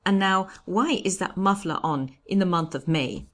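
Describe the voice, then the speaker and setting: A woman reading aloud and voicing an excitable, pompous male French judge who accuses and talks over everyone. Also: lowish voice, moderate pace, natural voice. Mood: blustering.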